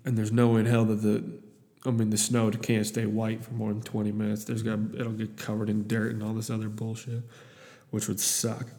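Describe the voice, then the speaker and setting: A man's voice: fairly low pitch, completely flat delivery, normal speed, mellow, long reverb tail. A young man from Iowa telling a story in a casual, rambling, profane way, with many restarts.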